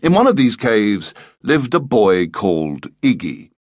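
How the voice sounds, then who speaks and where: A man's voice: lowish voice, big pitch swings, unhurried, no room sound. A man narrating a children's audiobook in a playful, lightly comic storytelling manner.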